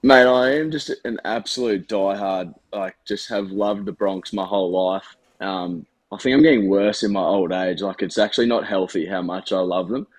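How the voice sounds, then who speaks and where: A man's voice: low-pitched, moderate pace, few pauses, dry recording. An Australian man in his thirties, a former rugby player guest joining by video call, chatty, enthusiastic and self-deprecating.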